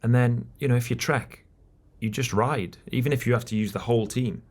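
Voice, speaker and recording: A man co-hosting a cycling podcast, talking in an animated, teasing way about the race. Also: medium pitch, a little fast. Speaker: podcast co-host, race commentator. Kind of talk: casual podcast chat.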